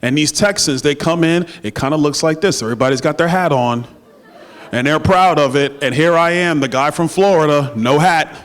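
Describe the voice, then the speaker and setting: A man's voice: on the high side, moderate pace. A middle-aged man giving a campaign stump speech at a dinner, with emphatic oratory and playful banter with the crowd. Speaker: political speaker at a party dinner. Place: banquet room. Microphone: handheld microphone.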